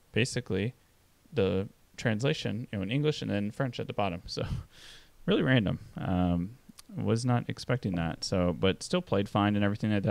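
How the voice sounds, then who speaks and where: A man's voice: low-pitched, vocal fry, darkish tone. A man hosting a podcast, giving a casual, rambling movie review full of fillers. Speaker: podcast host.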